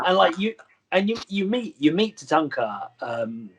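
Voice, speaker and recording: A man's voice: mid-range voice, lively intonation, moderate pace, a bit bright, breathy edge. A man in his thirties, a wrestler guest telling stories in a rambling, filler-heavy way and laughing at his own stories. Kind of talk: casual storytelling chat.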